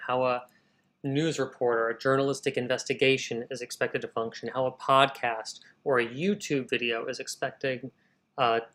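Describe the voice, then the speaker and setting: A man hosting a live writing session, talking casually and thinking aloud to his viewers. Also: medium pitch. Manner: energetic, thinking aloud, addressing viewers as y'all. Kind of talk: casual livestream talk.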